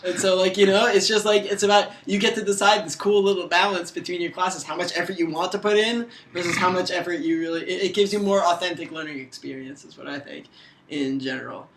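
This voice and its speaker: A man's voice: high-pitched, fairly even intonation, fast talker, fairly bright tone, slight background noise. A young man in casual chat, filming a student video, rambling along with lots of fillers. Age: young adult. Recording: echoey room.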